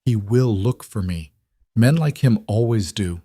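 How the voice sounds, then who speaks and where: A man reading a storybook voicing a frightened young woman who fled a cruel man, in a soft, guarded, pleading way. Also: on the low side, animated, unhurried, breathy edge. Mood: fearful.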